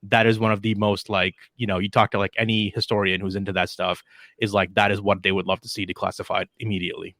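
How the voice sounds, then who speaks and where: A man's voice: lowish voice, little pitch movement, fast talker, fairly bright tone, no echo. A man as a podcast guest, chatting casually about politics and rambling with many restarts.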